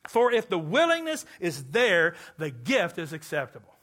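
A man from Kentucky preaching a sermon to a church congregation, animated and joking with the listeners. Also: sits high, moderate pace. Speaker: pastor.

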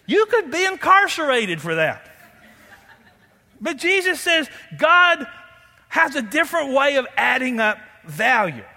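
A man preaching a sermon as pastor, animated and playful, quizzing the congregation. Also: very high voice, a little slow, pauses often. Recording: long hall reverb.

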